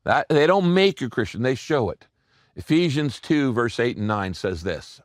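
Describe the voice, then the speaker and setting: A man preaching a sermon as a pastor, telling stories, speaking straight to his listeners, repeating key lines and dropping his voice low to press a point home. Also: expressive, moderate pace, no echo, studio quality. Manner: earnest, direct address to listeners.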